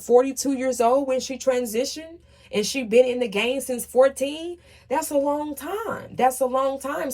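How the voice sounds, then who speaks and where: Woman doing a tarot reading, emphatic, keeps saying okay?, mid pitch. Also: a little mellow. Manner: emphatic, repeats "okay?" often, swears when worked up. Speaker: tarot reader. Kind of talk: casual tarot reading monologue.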